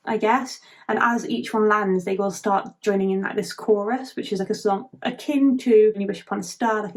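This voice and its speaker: A woman vlogger chatting casually as she retells a film plot, giggling and leaning on the filler "like". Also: mid-range voice.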